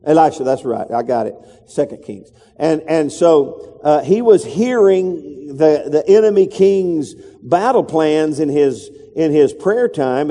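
A man preaching a sermon in a large church, his voice mellow and a touch high. He leads call-and-response lines with the congregation and bursts into sudden high voices to act out the scenes he describes. Long reverb hangs after his words. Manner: acts out quoted voices with sudden high-pitched outbursts. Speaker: pastor.

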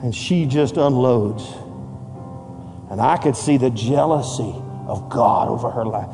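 A man pastor telling a story in a sermon, swinging from hushed to shouting with dramatic force. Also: mid-range voice, unhurried. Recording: long hall reverb, faint music behind.

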